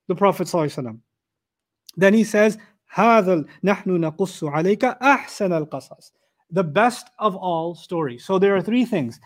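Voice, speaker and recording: A man with a fairly high voice gives an animated lecture on the Quran. He often poses questions to his listeners and recites Arabic passages quickly before explaining them. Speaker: Quran teacher.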